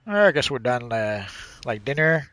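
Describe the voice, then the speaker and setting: A man giving relaxed, chatty gameplay commentary and explaining things to new players as he plays. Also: medium pitch, measured pace, a little hiss or hum. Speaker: gaming channel host.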